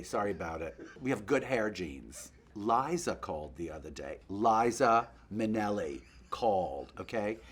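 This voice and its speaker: A man hosting a show, chatting in a gossipy comic monologue to a puppet and breaking into quick impressions. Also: fairly low pitch, a bit bright. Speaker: host.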